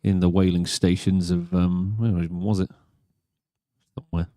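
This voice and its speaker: A man with a Northern English accent, a singer co-hosting a live singing stream, chatting casually with quick joking asides. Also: low-pitched, little pitch movement, warm tone, dry recording, studio quality. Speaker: singer and co-host.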